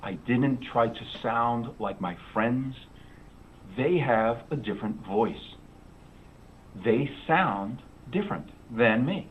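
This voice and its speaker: A man speaks slowly and deliberately, offering advice on speaking English. His pitch moves in a lively way as he leans on key words and repeats them. The recording is dull and lo-fi, with faint ambience underneath. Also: a little hiss or hum. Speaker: spoken English adviser. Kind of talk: unhurried advice talk.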